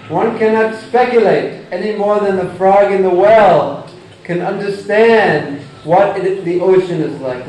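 A man giving a deliberate scripture lecture who chants Sanskrit verses and explains them with examples. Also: high-pitched, darkish tone. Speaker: religious lecturer. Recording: echoey hall, distant mic, faint noise.

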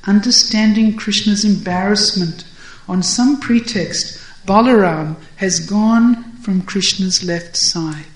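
A storyteller voicing a wise, gently teasing elderly woman, lifting the voice a little for her lines. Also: mid-range voice, slow, close to an everyday voice. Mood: playful. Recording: roomy echo.

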